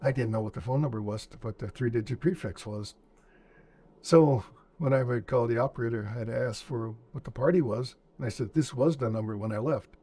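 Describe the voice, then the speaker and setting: This veteran interviewee, a man in his 70s, has a medium-pitched, dark voice and a brisk delivery. He recounts his wartime memories in a straightforward storytelling way, voicing the old conversations as he goes.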